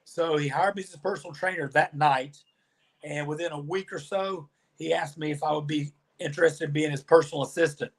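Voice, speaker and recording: A husky, fairly high voice with vocal fry belongs to a middle-aged man who used to wrestle. Speaking briskly in an interview, he tells lengthy stories and animatedly acts out what others told him.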